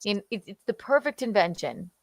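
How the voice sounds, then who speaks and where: A woman's voice: medium pitch, very animated, a little fast, dry recording. A woman co-hosting a casual livestream chat, blunt and joking, laughing at her own stories. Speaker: co-host.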